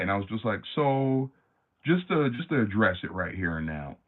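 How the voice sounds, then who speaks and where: A man hosting a livestream, telling a story in an animated, slangy, casual way. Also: on the low side, normal speed. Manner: animated, slangy, many fillers. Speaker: livestream host. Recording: tinny phone-like sound.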